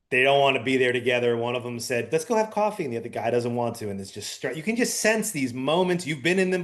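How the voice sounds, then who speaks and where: Middle-aged male co-host, loose anecdotal delivery, plenty of fillers and restarts, mid-range voice. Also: medium pitch. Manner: animated, rambling storyteller with many fillers. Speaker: podcast co-host. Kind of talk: casual storytelling chat.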